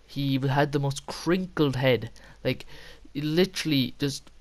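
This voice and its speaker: A man's voice: medium pitch, a little slow. A young man telling a casual, rambling story with frequent laughter and casual swearing. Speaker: vlogger.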